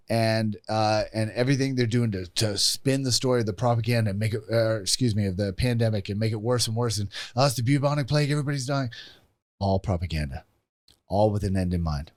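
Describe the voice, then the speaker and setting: A man with a fairly low voice speaks bluntly as a podcast guest. He gives heated opinions in casual talk and swears. The mic is close and dry. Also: a little mellow, no room sound.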